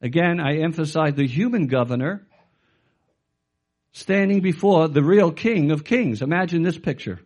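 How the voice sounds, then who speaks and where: A middle-aged man preaching as a pastor, his voice pitched a little above most men's. He delivers the sermon emphatically, reads out scripture and throws questions back to the congregation. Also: lively intonation, normal speed, hardly any pauses, a little mellow.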